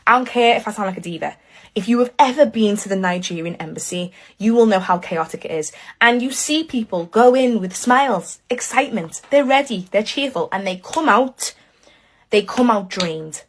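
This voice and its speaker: A young woman telling a funny story about a chaotic errand in an animated, exasperated way, swearing freely. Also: mid-range voice, normal speed. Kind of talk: casual comic storytelling.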